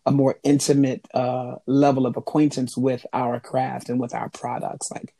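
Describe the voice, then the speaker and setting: Man mid pitch, guest in an interview, lots of ums, dry close sound. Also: flat delivery, creaky, dark tone, dry recording. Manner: thoughtful, halting with frequent ums. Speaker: interview guest, jewelry maker. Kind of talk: conversational interview.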